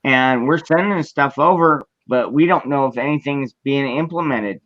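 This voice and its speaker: A man's voice: mid-range voice, normal speed, fairly bright tone, dry recording. Blunt man hosting on a dull, dry mic. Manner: blunt, profane, welcoming viewers. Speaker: livestream host. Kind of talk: casual livestream chat.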